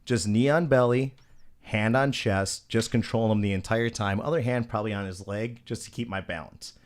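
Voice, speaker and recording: Profane podcast host, lowish voice. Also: male voice, moderate pace. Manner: profane, animated, acts out quoted voices. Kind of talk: casual storytelling chat.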